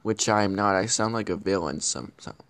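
In this comedic character vlog, a man plays a bumbling, scheming villain hosting his own web show. His voice is fairly low and a bit bright, and he talks fairly quickly, rambling, stumbling and correcting himself as he goes.

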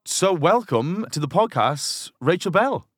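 A man's voice: on the high side, big pitch swings, a little slow, no room sound, soft background music. A man co-hosting a podcast in casual, teasing banter. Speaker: podcast co-host. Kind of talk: casual chat.

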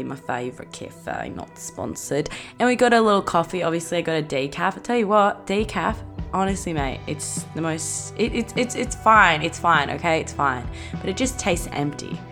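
Aussie girl podcast host, lowish voice that bounces everywhere, rambly and sweary, giggles a lot. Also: a bit bright. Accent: Australian. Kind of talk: casual chat podcast monologue.

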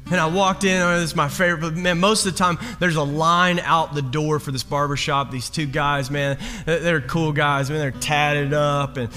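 A man preaching as a pastor, telling a personal story in an animated, self-deprecating way. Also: a little high, normal speed, hardly any pauses. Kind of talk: storytelling sermon. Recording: long hall reverb with faint guitar.

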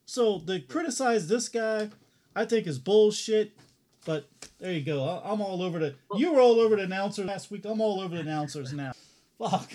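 A man with a high-pitched voice talks fights on a casual podcast. He rants heatedly and swears freely as he argues his point. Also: animated, moderate pace, a little mellow. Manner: profane, heated ranting. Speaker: podcast co-host. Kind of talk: casual fight-talk chat.

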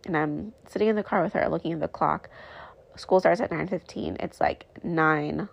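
A woman's voice: low voice, moderate pace, gravelly. A woman casually telling a parenting story to camera, rambling and chatty with lots of filler words. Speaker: mother sharing parenting stories.

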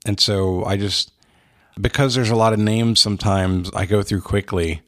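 A podcast host warmly and earnestly thanks his supporters in a casual segment, restarting his sentences often. His voice is lowish and steady at a normal speed. He records in an unfinished spare room with no soundproofing, so there's a slight echo.

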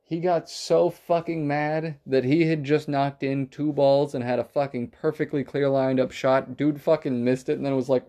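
A man's voice: mid-range voice, steady tone, normal speed, hardly any pauses, warm tone. A man casually telling a rambling, profane story about a bar night, acting out the quotes. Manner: profane, rambling anecdotal delivery with acted-out quotes.

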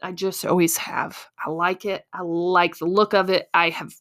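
A young woman tells a story on her podcast in a loose, casual way. She pokes fun at herself and plays out her own panicked inner voice with lively energy. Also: fairly low pitch, moderate pace. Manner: animated, self-mocking, acts out her own panicked inner voice. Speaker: podcast host.

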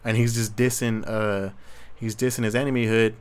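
A man's voice: lowish voice, flat delivery, moderate pace, clear, resonant tone. Profane, slangy man ranting solo. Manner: profane, heavy street slang; blunt, worked-up opinions. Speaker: solo podcast host. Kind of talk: casual commentary rant.

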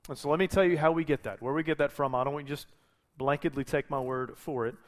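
A man's voice: on the high side, fairly even intonation, fast. A man preaching a sermon as a pastor, talking in a conversational way with frequent restarts and self-corrections.

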